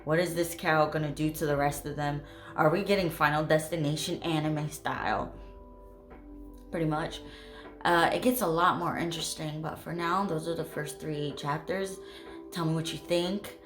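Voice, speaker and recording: Woman host, casual horror storytelling, chatty, low-pitched, echoey room, faint music. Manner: chatty, animated, many fillers and asides. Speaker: channel host retelling a horror manga.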